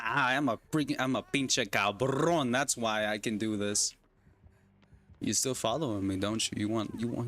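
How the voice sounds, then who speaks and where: A man's voice: mid-range voice, normal speed, a bit bright. A young man streaming a game, rambling and joking to himself and to his opponent. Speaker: gaming streamer. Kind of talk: casual livestream commentary.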